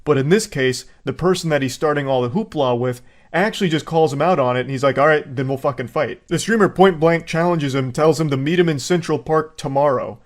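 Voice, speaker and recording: A man's voice: on the high side, brisk, few pauses. A man narrating a commentary video in a scripted, sardonic and mocking way. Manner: sardonic, mocking, wordy insults.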